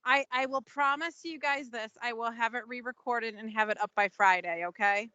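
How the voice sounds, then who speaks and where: Bright, eager woman on a call. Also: on the high side, moderate pace, dry recording, lo-fi sound. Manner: eager, apologetic and promising. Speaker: puppy program staff member. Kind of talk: casual webinar chat.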